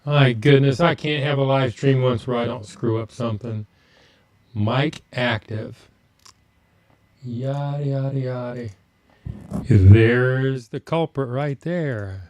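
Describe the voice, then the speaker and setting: A man's voice: mid-range voice, slow, a little mellow. A man hosting a live stream, chatting casually with viewers and muttering to himself while fixing his audio.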